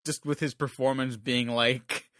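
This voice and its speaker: A man's voice: medium pitch, little pitch movement, unhurried, fairly bright tone, no room sound, studio quality. A man co-hosting a movie podcast, talking in casual, wry and sarcastic chat that is full of "like" fillers. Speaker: podcast co-host.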